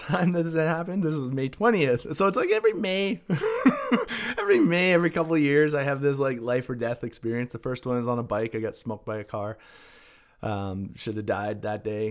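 A man, a podcast guest, telling a personal story in a casual, animated, profane way, swinging between hushed and loud. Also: lowish voice.

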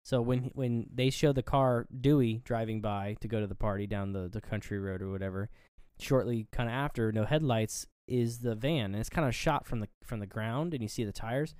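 A man's voice: mid-range voice, fairly quick, hardly any pauses, a little mellow, clean tone, dry recording, clean studio sound. A man co-hosting a casual movie review chat, rambling and swearing as he acts out scenes. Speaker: podcast co-host.

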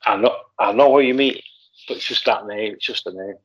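A man's voice: fairly low pitch, brisk, slightly rough. A man hosting a podcast, easygoing and chummy with his guest. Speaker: podcast host. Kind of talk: casual podcast chat. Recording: dull lo-fi sound.

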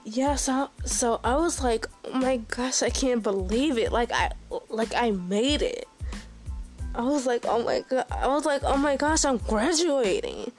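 A young woman giving a casual personal update, full of halting restarts and repeated exclamations. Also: fairly high pitch, animated, a little mellow, soft background music. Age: young adult. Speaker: recent high school graduate.

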